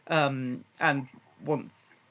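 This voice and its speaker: A young man chatting enthusiastically in casual commentary, talking in halting bursts full of fillers. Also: medium pitch, fairly even intonation, fairly bright tone. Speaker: guest commentator, episode writer.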